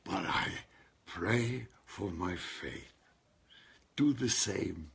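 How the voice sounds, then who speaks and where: A man's voice: deep voice, extremely slow, vocal fry, fairly bright tone, husky. A man preaching a sermon, stressing single words and calling on his listeners to respond. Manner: emphatic, calls on listeners to respond.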